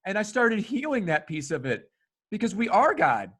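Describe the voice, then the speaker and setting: A middle-aged man hosting a podcast, talking in an animated, emphatic way and swearing freely. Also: high voice, moderate pace, slightly rough. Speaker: podcast host. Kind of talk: casual conversation.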